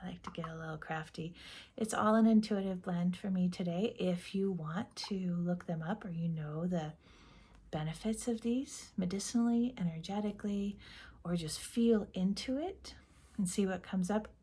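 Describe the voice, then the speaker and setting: A woman giving a gentle, meandering tarot reading in a soft-spoken voice that drifts into half-whispers. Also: mid-range voice, normal speed, husky. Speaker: tarot reader.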